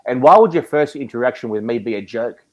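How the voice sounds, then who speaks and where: A man's voice: mid-range voice, lively intonation, fast, a little mellow. A man arguing heatedly on a live stream. He is emotional and passionate, and he stammers and repeats himself. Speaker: watch community member.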